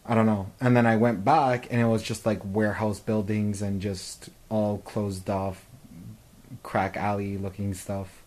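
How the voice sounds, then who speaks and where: A man in his twenties with a low voice, co-hosting a loose podcast chat. He rambles through stories, stacking up "um" and "like" as he goes. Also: level tone, unhurried, darkish tone, poor audio. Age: 20s. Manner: rambling storyteller, many fillers and "like". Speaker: podcast co-host.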